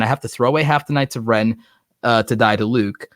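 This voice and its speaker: A man's voice: mid-range voice, fast, dry recording. Man, stream host, casual rambling chat, lots of "like", dry sound. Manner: excited, rambling, heavy use of "like". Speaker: host of a live show. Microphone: online streaming setup.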